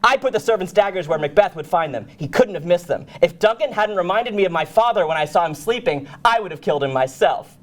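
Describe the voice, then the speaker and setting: A man's voice: sits high, expressive, fast, hardly any pauses. A man reading the part of a ruthless noblewoman urging her husband on, in a comic table reading, sometimes laughing between lines. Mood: scheming. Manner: reads stage directions and lines aloud, breaking into laughs.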